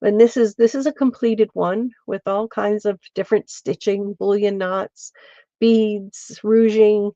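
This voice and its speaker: Woman host thinking aloud through a stitching demo on a stream, slow and easygoing, close dry lo-fi mic. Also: mid-range voice, fairly even intonation, mellow, dry recording. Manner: chatty, thinks aloud, greets viewers by name. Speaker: craft show host. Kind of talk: casual livestream stitching demo. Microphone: streaming setup mic.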